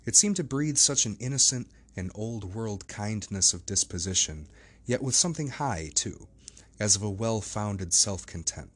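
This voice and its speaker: A man with a very deep, low voice reads a classic novel aloud as an audiobook. His narration is steady and measured. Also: slightly rough. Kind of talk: scripted narration.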